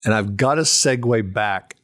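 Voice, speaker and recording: A middle-aged man telling stories as a guest on a podcast, animated, with casual storytelling. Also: lowish voice, measured pace. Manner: animated storyteller who acts out voices.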